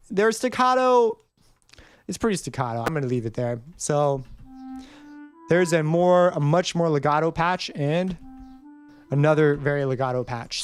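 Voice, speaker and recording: Brief: young male tutor, slightly high, smooth voice, loose chatty teaching with sung demos. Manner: casual, rambling explanation with sung note demonstrations. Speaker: music composition teacher. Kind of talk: screen-recorded tutorial.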